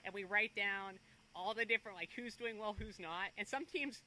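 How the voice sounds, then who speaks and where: A middle-aged woman who owns a cafe, chatting quickly in an interview and laughing between her stories. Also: medium pitch, pushed and bright, low-quality recording. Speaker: restaurant owner. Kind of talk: casual interview.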